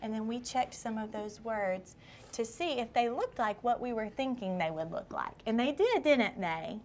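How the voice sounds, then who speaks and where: Patient woman teacher, fairly high voice. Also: lively intonation. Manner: patient, questioning, sounds words out slowly. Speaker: kindergarten teacher. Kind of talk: classroom shared reading lesson. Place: classroom with young children. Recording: classroom recording with clear background noise.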